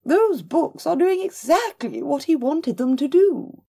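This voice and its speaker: A woman's voice: sits high, expressive, a little slow, creaky, mellow, pitched above the performer's own voice, full character voice. A woman reading an audiobook, voicing a mocking old great-aunt who is only a talking head. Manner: arch, mocking.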